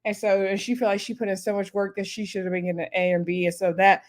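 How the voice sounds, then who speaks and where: A woman's voice: medium pitch, fast. Chatty woman recapping a reality show. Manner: chatty, laughs often, lively retelling with voiced quotes. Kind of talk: casual recap commentary.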